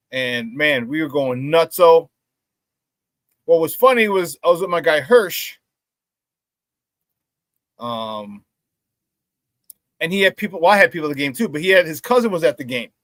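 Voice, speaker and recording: A man with a high voice hosts a casual sports talk show, excitedly telling stories full of restarts and repeated words. There's no room sound.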